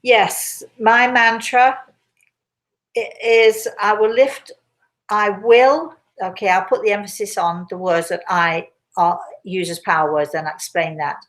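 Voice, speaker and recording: A woman's voice: on the low side, fairly even intonation, measured pace, a bit bright, rough recording. An older woman and spiritual medium, answering audience questions in a chatty, repetitive way with frequent restarts. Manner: chatty, repeats phrases, restarts often. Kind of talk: casual live Q&A talk.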